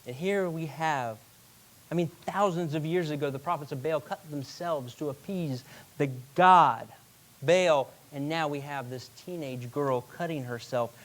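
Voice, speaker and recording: A male pastor delivers a sermon in a church, his voice sitting a little higher than most men's. He tells stories with energy, jumping to loud bursts and then slowing right down for emphasis. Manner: animated storytelling preacher, with sudden loud bursts and slowed emphatic phrases. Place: church sanctuary.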